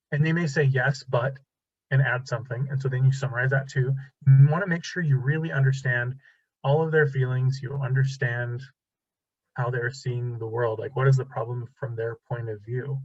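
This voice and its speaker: Man in his thirties, relationship speaker, husky voice, slightly muffled dry recording. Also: medium pitch, brisk, dry recording. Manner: animated, self-deprecating, acts out quoted dialogue. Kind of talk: casual talk to an audience.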